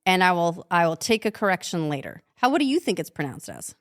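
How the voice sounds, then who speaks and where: A woman's voice: on the low side, sing-song, quick pace. A woman co-hosting a casual chat show, chatty and giggly, with hesitant fillers. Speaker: podcast co-host.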